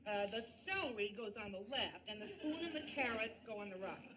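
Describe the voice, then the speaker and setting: An actress playing an excitable, gossipy next-door neighbor who talks breathlessly and eagerly. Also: female voice, medium pitch, fairly quick, natural voice. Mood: bossy. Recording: hissy old television soundtrack.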